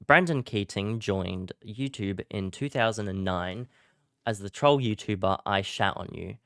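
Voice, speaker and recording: Low, smooth-voiced young guy. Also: measured pace, a bit bright, no echo, studio quality. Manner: casual, self-deprecating, with filler "uh"s. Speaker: YouTube commentary creator. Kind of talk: casual scripted commentary.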